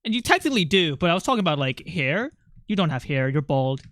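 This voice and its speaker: An art streamer chatting casually while drawing, joking around, quickly apologizing and running down their own skills. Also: medium pitch, big pitch swings, a bit bright, no room sound, studio quality. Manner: self-deprecating.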